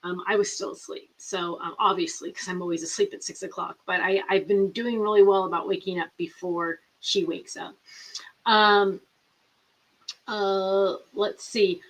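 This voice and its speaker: Chatty middle-aged woman host, bright voice, rambling live-chat delivery. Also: mid-range voice, steady tone, measured pace, poor audio. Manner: chatty, rambling, reads viewer comments aloud.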